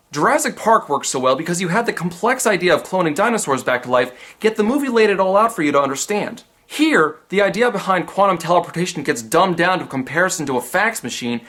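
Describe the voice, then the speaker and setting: Lively, sarcastic man reviewing a film. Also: sits high. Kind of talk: comedic review narration.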